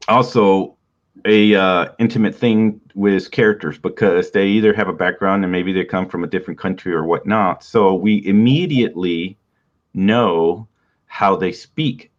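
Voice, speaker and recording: A man with a low, deep voice teaches in a loose, casual way, chuckling now and then. His nose is stuffy, and the recording sounds dull and lo-fi. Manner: relaxed, rambling, laughs often. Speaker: writing podcast host.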